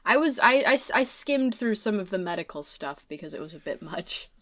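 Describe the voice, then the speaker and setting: A woman's voice: medium pitch, expressive, brisk, fairly bright tone. A woman co-hosting a casual book discussion podcast, reacting candidly and briefly.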